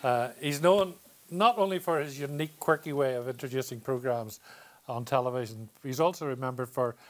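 A man's voice: mid-range voice, brisk. A man with a Northern Irish accent hosting a chat show, teasing his guests playfully. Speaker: talk show host. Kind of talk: casual chat show banter.

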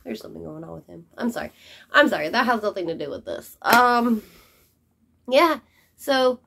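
A young woman chatting casually to her viewers. Her voice sits in a middle register with a gravelly, fry-tinged edge. She rambles and keeps apologizing. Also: medium pitch, lively intonation, moderate pace, a bit bright. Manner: chatty, apologetic, says y'all. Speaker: vlogger. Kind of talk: casual chat to camera.

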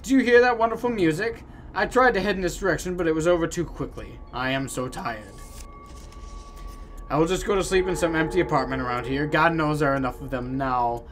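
A man's voice: brisk, over music, close to an everyday voice. A man reading as a lonely, gloomy letter writer. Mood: weary. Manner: low, subdued, melancholy delivery. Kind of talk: reading game text aloud.

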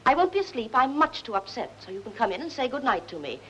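A woman voicing a brisk, sensible wife who scolds and loses patience, in a radio play reading. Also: a little high, big pitch swings, a bit bright, muffled recording, slight background noise. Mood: scolding.

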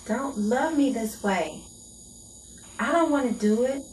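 A woman's voice: on the high side, expressive, slow pace, a little mellow, a little hiss or hum. A woman playing a broken, pleading young woman. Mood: anguished. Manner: pleading, emotionally raw delivery. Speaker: actress performing dramatic poems. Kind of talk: dramatic poetry performance. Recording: echoey room.

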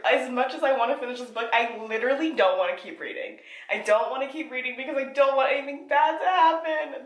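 A woman book vlogger chatting casually about a novel she is reading, recapping the story and reacting out loud. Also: sits high, fast, hardly any pauses, echoey room. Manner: chatty recap, breaking into laughs and pained outbursts while reading. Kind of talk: casual reading vlog chat.

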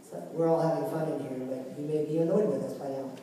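A man's voice: on the high side, fairly even intonation, fast talker, mellow, a little hiss or hum. A male author on a convention panel, talking casually and energetically with frequent stammers and repeated words. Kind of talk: casual panel talk with audience Q&A. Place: large convention hall. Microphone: distant from the recording mic. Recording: echoey convention hall from far off.

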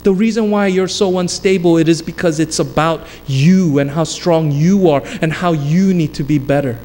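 A man with a fairly high voice preaches in a church sanctuary, and his words linger in a long reverb. His delivery swings up and down with emphasis, and a faint hiss sits beneath it. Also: normal speed, dark tone. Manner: emphatic, rising and falling preaching cadence. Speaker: pastor. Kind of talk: sermon.

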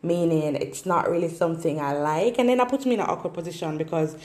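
A woman's voice: deep voice, fast, darkish tone. A woman with a Jamaican accent chatting casually for a storytime vlog. She rambles along with asides and fillers. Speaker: vlogger. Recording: roomy echo.

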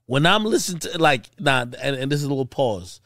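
A man from Jamaica, a guest on a podcast, talking in excited banter and cutting in with repeated exclamations. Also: medium pitch, fairly quick, no room sound, studio quality. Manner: animated, interrupting with repeated "yo"s.

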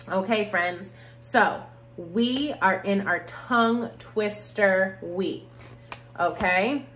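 A preschool teacher woman speaks slowly and patiently in a sing-song lilt, her voice climbing brightly on rhymes and praise. Her voice echoes around a room, with a faint hum in the background. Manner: slow, sing-song and encouraging, rising high on rhymes and praise. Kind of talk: video lesson for young children.

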